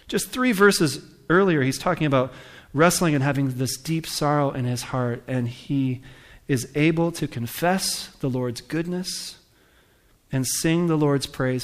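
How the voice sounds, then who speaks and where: A man's voice: fairly high pitch, a little slow. Conversational male pastor preaching a sermon. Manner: conversational preaching, asks the congregation questions; reads scripture aloud with rising emphasis.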